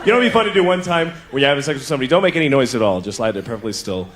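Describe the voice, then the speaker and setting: A man's voice: mid-range voice, animated, very fast, a bit bright. A middle-aged man doing a stand-up routine, talking casually and profanely with self-deprecating asides. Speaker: stand-up comedian. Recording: live show with audience laughter. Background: audience laughter.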